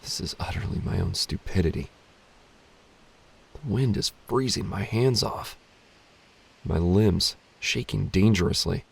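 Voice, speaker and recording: A man's voice: sits low, a little slow, gravelly, pauses often, slightly rough. A man reading a first-person short story aloud, with a dry, wry, self-mocking tone. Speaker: narrator.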